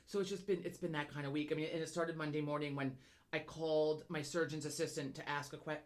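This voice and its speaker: A woman with a lowish voice co-hosts a casual chat. She swears freely, rambles through stories with frequent restarts, and laughs often as she talks. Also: fast talker. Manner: profane, rambling, animated storytelling with many restarts. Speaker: podcast co-host.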